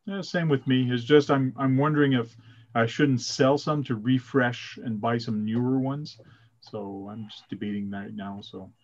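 A man's voice: medium pitch, steady tone, moderate pace. Easygoing male host, chatty storyteller, lo-fi muffled sound. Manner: chatty storytelling with frequent "uh" fillers. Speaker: host of a live chat show. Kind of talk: casual chat.

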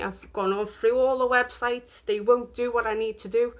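A woman's voice: on the high side, fairly even intonation, moderate pace, fairly bright tone. A woman vlogging in a rambling, emotional way, with lots of fillers. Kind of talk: casual vlog talk.

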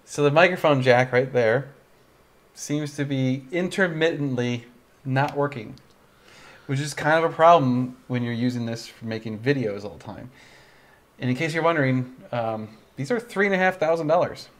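A man's voice: medium pitch, normal speed. Young guy hosting a live stream, kinda tired, rambles and laughs a lot. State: tired, yawning. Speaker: livestream host. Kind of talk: casual livestream chat.

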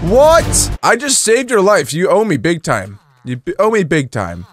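A young man giving excitable let's-play commentary, yelping and shouting at surprises, with quick asides to viewers. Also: high-pitched, over music. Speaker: gaming YouTuber.

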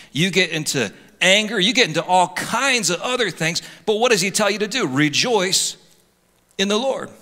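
A middle-aged man, a pastor preaching a lively sermon and acting out the complaints of his listeners. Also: high voice. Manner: animated preaching, voices imagined complaints. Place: church sanctuary. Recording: reverberant church sanctuary.

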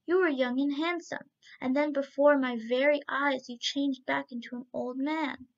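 A woman's voice: sits high, steady tone, moderate pace. A woman voicing a hissing, indignant gander. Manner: shouting and hissing. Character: indignant male pet goose, watchful and proud. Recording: muffled lo-fi recording.

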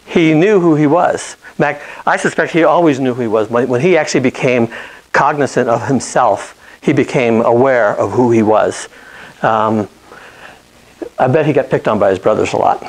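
A man's voice: medium pitch, normal speed, rough recording. A man teaching an informal Bible lesson. He talks conversationally, often checks in with "okay?" and restarts or corrects himself mid-sentence.

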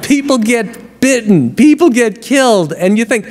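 A man's voice: extremely high pitch, animated, measured pace. Wry man telling stories in a reverberant hall. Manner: wry, punchline-driven, gets louder and livelier at the jokes. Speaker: TV comedy writer and guest speaker. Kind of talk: storytelling talk to an audience. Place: lecture hall with a live audience.

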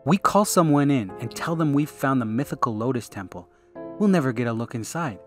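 A man's voice: medium pitch, expressive, brisk, soft background music, voice pushed up, lightly acted. A man reading an eager, determined young explorer. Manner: eager and insistent.

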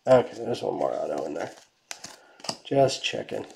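A woman hosting a trading card break, giving casual running commentary and dropping to quiet mutters while she checks cards. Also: a bass voice, sing-song, moderate pace, gravelly.

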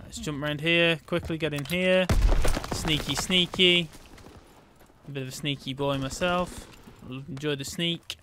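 A British man giving casual, excitable gameplay commentary as a gaming channel host, bantering with himself. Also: on the high side, normal speed. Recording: game gunfire and noise behind.

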